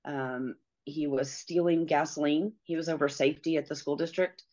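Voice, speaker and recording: Middle-aged woman guest, deep-toned and earnest, recounting her story haltingly over a dull, muffled recording. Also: steady tone, a little mellow. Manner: earnest, halting, many pauses and fillers. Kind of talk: personal storytelling.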